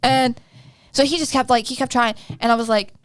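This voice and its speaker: A woman's voice: on the high side, steady tone, a little fast, dry recording, clean studio sound. A young woman co-hosting a podcast, telling stories in a chatty, giggly way with many restarts. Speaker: podcast co-host. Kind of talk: casual chat.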